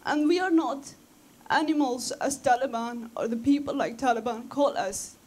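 Earnest woman, fairly high voice. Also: normal speed, darkish tone. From Afghanistan. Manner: earnest and impassioned, with restarts. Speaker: guest speaker at a school talk. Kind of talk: personal talk to students. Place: school assembly room.

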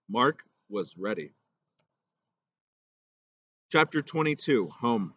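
A man reading a children's novel aloud in steady, measured storybook narration. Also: medium pitch, dull audio. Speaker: audiobook reader.

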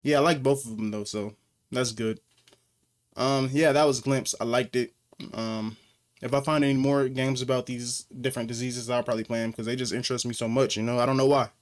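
A man's voice: mid-range voice, fairly even intonation, a little fast. A man hosting a horror game let's play, talking casually and reacting aloud in a chatty way. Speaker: gaming video host.

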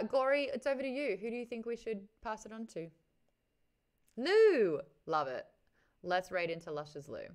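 A young woman with an Australian accent, hosting a book club livestream in chatty, offhand talk full of quick asides. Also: medium pitch, a bit bright, smooth. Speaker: host of a book club stream. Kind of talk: casual livestream chat.

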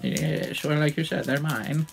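A woman's voice: deep voice, fairly even intonation, a little slow, vocal fry, noisy background. A woman co-hosting a casual card-opening video, dry and teasing with her partner. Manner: dry, teasing, drops into goofy sing-song bits. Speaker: co-host. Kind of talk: casual chat.

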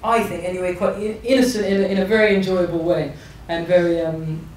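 A woman's voice: fairly low pitch, steady tone, a little fast, a little mellow, distant mic, a little hiss or hum. A woman novelist in her thirties, from England, talking thoughtfully in a public conversation, often restarting her sentences. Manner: thoughtful, hesitant, with many restarts. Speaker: novelist guest. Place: large echoey hall. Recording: echoey hall recording from afar.

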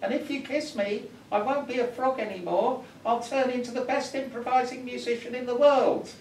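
A man doing a squeaky boastful talking frog. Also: steady tone, normal speed. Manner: squeaky, pleading then eager and boastful. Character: talking frog, cursed boastful male musician. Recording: roomy classroom from far off, noisy.

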